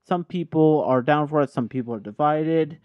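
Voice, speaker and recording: A man's voice: a little high, normal speed, smooth, dry recording. A tipsy man hosting a casual podcast chat, rambling and correcting himself as he goes. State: tipsy from drinking. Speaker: podcast host. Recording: dull lo-fi sound.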